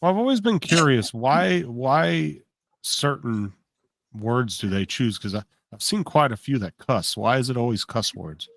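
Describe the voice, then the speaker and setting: A man's voice: medium pitch, expressive, measured pace, creaky, a bit bright, no echo. A man talking in a casual chat, rambling and curious, often repeating words as he works out what he wants to say. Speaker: co-host on a live stream.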